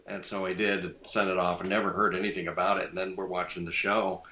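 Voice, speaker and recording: An older man telling stories in a casual podcast chat, animated and quick to laugh, acting out the voices of the people he quotes. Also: low-pitched, roomy sound, a little hiss or hum. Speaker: guest designer.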